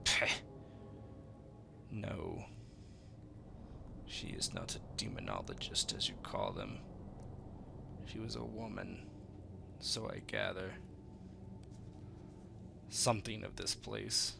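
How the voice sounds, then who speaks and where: A man doing a guttural otherworldly spirit trapped in a young woman's body, speaking low and quietly in a tabletop game. The voice is gravelly and drawn out. The words come slowly and coldly, with a weary aloofness. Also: animated, background noise, heavily acted.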